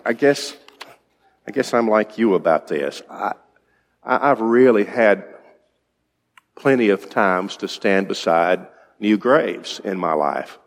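A male preacher giving an evening sermon in a conversational way, asking his congregation questions. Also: lowish voice. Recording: long reverb in a large hall.

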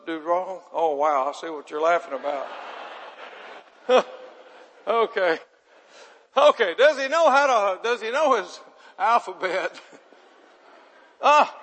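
High-voiced preacher in a hall. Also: male voice, pushed and bright. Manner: chatty, asks the audience questions, self-deprecating. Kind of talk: folksy sermon with audience banter. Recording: long hall reverb.

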